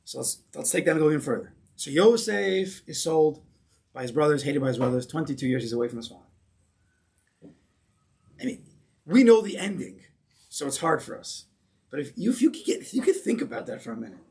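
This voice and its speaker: Animated man teaching a Torah class. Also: on the high side, fairly quick, creaky, long pauses. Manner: animated, asks the class questions. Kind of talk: lecture to a class.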